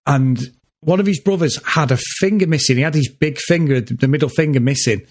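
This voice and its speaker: A man's voice: on the high side, a little fast. A man co-hosting a podcast, telling a family story in casual chat, laughing often and swearing freely. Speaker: podcast co-host.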